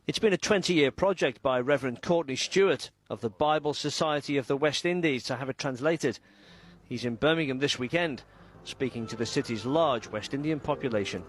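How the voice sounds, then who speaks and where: A man reading a scripted news report with measured broadcast delivery. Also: medium pitch.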